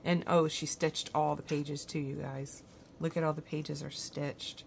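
A woman's voice: deep voice, flat delivery, measured pace, vocal fry, a little mellow, a little hiss or hum. A woman hosting a craft vlog, gushing with admiration as she shows off handmade gifts indoors. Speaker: craft channel host. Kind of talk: show-and-tell unboxing vlog.

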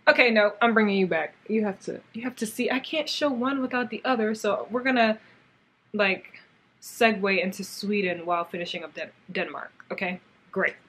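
A woman's voice: mid-range voice, normal speed, slightly rough. Gushing young woman showing off yarn. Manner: gushing, excitable, talks to the yarn and viewers. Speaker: yarn crafts vlogger. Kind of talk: casual haul vlog chat.

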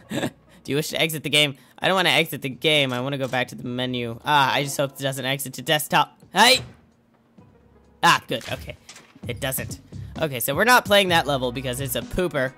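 A man's voice: medium pitch, moderate pace, bright, forceful tone. A young man giving let's play commentary, joking and talking back to himself as he plays. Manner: goofy, talks to himself in jokey banter. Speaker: gaming YouTuber. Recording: music playing behind the voice.

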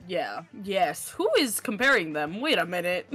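A woman chatting on a stream, telling stories animatedly and going squeaky when she quotes people. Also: very animated, measured pace, bright, forceful tone, slightly rough, no echo, soft background music. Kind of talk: casual chat.

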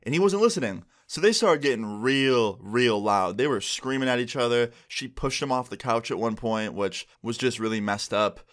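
Animated young man telling a storytime. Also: medium pitch, normal speed, few pauses. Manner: animated, leans on filler "like". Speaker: vlogger. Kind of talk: casual storytime narration.

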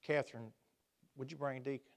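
A man preaching a sermon in a church, swinging between loud emphatic outbursts and quiet asides. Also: medium pitch, fairly even intonation, a little fast, vocal fry. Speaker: pastor. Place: church sanctuary.

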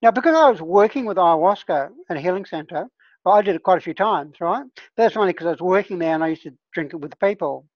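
A woman's voice: on the low side, animated, quick pace, no echo, lo-fi sound. A woman who trains healers, leading an online discussion group in a casual, earnest teaching tone and often checking in with her listeners.

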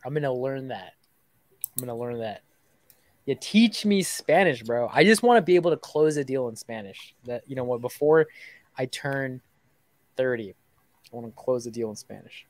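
A man's voice: mid-range voice, normal speed, pauses often, poor audio. A man in his twenties hosting a livestream while calling sellers, talking in a loose, joking, chatty way with viewers. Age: 20s. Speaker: host making seller calls on a livestream. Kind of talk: casual livestream chat. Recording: steady background noise.

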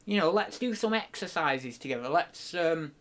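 A man's voice: on the high side, lively intonation, moderate pace, a bit bright, a little hiss or hum. A young man chatting on a live stream, rambling and joking with his viewers. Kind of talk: casual live-stream chat.

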